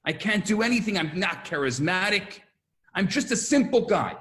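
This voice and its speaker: A man playing Moses, who pleads earnestly with God and swings from low and humble to loud and resolved. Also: expressive, unhurried. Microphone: video call.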